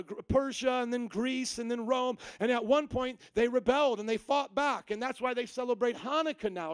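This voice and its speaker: High-voiced male preacher, close and dry. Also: smooth, no echo. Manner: animated, full of rhetorical questions and asides. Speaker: pastor. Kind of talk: sermon.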